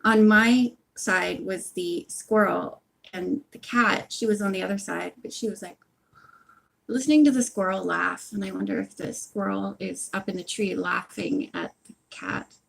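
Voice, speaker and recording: A woman's voice: medium pitch, unhurried, gravelly. Brief: casual read-aloud host, woman, drifting into friendly asides. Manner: chatty, apologetic asides. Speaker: reader of a book series. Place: home.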